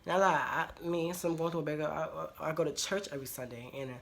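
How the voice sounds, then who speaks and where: A vlogger speaking in a mid-pitched voice, giving blunt, slangy relationship advice straight to camera. They hammer points home by repeating phrases. Clear background noise runs under the home recording. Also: fast, a bit bright. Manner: informal slangy speech with swearing. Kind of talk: casual advice monologue to camera.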